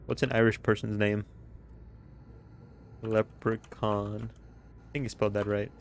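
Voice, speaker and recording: A man's voice: on the low side, level tone, a little fast, vocal fry, a little hiss or hum. A man streaming a video game, joking and rambling in casual commentary and laughing often.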